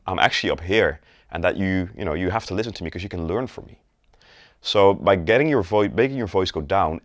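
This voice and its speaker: In an instructional video, a sales coach with a very low voice teaches selling. His examples show off rising, flat and falling tones, and the recording is close and dry, with no room sound or echo.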